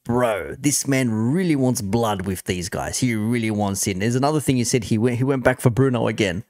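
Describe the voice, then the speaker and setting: A man's voice: medium pitch, a little mellow, no room sound. Male host, mid-range voice, casual clip commentary, dry close-miked sound. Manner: conversational, amused, quick asides. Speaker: reaction channel host.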